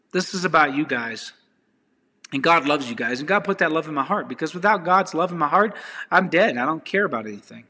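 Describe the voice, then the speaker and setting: Casting: raw, confessional man preacher, bright forceful voice, long reverb. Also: fairly high pitch. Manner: earnest, raw and confessional, talks straight to viewers. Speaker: online preacher. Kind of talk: informal testimony and preaching.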